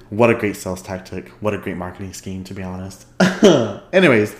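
Low-ish voiced guy chatting away on his podcast, giggly and all over the place, roomy echo on it. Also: sing-song, moderate pace. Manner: chatty, rambling, laughs often. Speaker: podcast host. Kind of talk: casual chat. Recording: echoey room.

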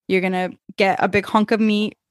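A woman co-hosting a podcast, talking casually with wry, deadpan asides. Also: medium pitch, moderate pace, no echo, clean studio sound. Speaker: podcast co-host. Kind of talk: casual chat.

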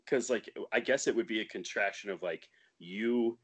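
A young man in casual podcast chat, a guest from a band, relaxed and quick to laugh, with some swearing. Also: lowish voice. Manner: laid-back, swearing, laughs often.

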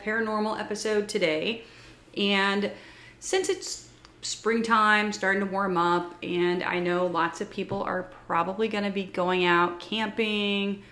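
A woman's voice: medium pitch, sharp tone. Chatty woman podcast host, echoey room. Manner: chatty, reads facts from notes. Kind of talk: casual podcast chat.

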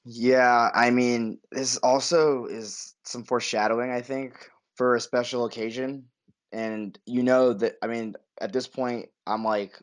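A man's voice: mid-range voice, steady tone, measured pace. A man co-hosting a podcast, talking casually about a TV show in a rambling way full of "like" and restarts. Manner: rambling, many fillers and restarts. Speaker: podcast co-host. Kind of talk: casual TV discussion.

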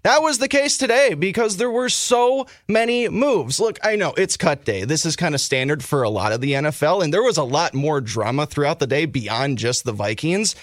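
A man co-hosting a sports talk podcast, excitable, rambling through opinions and breaking into flustered apologies. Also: on the high side, moderate pace, few pauses, dry recording, studio quality. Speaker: podcast co-host.

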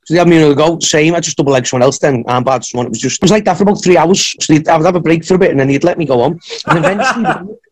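A man telling a long wrestling story in a podcast interview, acting out what others said in lively bursts. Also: a little high, rapid-fire. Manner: animated anecdotes, acts out others' lines. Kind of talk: casual storytelling.

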